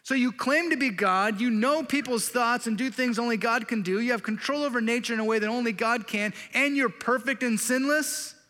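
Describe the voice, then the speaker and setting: Guy preaching a sermon, high bright voice, chatty and animated, big echoey hall. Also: brisk, hardly any pauses. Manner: animated, conversational preaching with playful asides. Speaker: pastor. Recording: reverberant hall.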